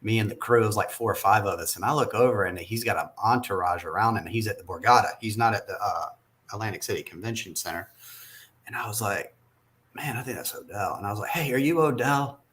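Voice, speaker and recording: A man with a Southern American accent, chatting casually on a podcast. His voice sits fairly low. He rambles through his stories and chuckles often. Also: fast talker, fairly bright tone. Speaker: podcast guest. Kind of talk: casual chat.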